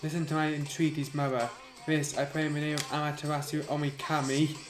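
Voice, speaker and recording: Young shrine maiden praying, guy reads her in his normal voice, flat, echoey. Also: fairly high pitch, a little fast, close to an everyday voice. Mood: earnest. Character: young female shrine maiden, earnest and devout. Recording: echoey room, music behind.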